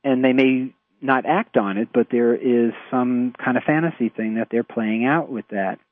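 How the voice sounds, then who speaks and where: Measured New York man on tinny radio. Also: mid-range voice, no echo. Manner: measured, hesitant with frequent fillers. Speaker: therapist. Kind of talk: explanatory radio talk. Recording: tinny phone-like radio audio.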